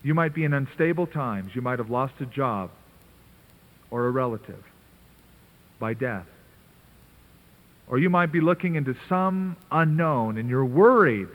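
A man's voice: mid-range voice, expressive, a little slow, pauses often. Tinny radio preacher, earnest man. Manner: earnest, conversational preaching with emphatic asides. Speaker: pastor. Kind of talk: sermon. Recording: tinny narrow-band radio broadcast.

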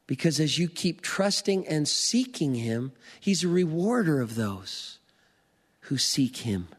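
A pastor preaching a sermon, slow and emphatic, building to rising declarations. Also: male voice, a little high, very animated, breathy edge, in a large hall.

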